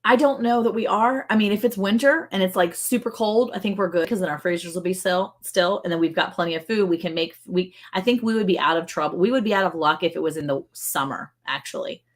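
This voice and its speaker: A woman's voice: quick pace, few pauses. A middle-aged woman with a Texan accent, co-hosting a casual livestream and telling a funny story. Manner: animated, acts out quotes in high voices. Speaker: livestream co-host.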